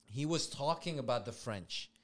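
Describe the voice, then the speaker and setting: A man's voice: medium pitch, moderate pace. A man co-hosting a podcast, telling stories in a casual chat and often saying "bro" and "man". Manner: animated storyteller, says "bro" and "man" often. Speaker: podcast co-host.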